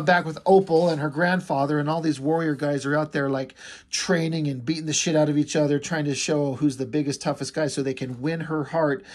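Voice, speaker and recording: A man casually walks through a comic book's story, his voice a little husky and pitched somewhat high. He rambles in a loose, conversational way, summarizing what the characters say as he goes. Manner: laid-back, rambling, paraphrases characters in a loose voice. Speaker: comic book reviewer.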